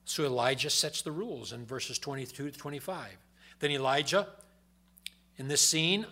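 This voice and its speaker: A man preaching a sermon, reading scripture aloud with loud emphasis and dropping to quiet explanatory asides. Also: mid-range voice, normal speed.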